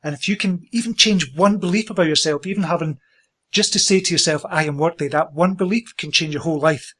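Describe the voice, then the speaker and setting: A man's voice: a little high, fairly bright tone. A man hosting an interview, enthusiastic and encouraging as he asks his guest questions. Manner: enthusiastic, encouraging, quick to praise. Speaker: interview host. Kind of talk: conversational interview.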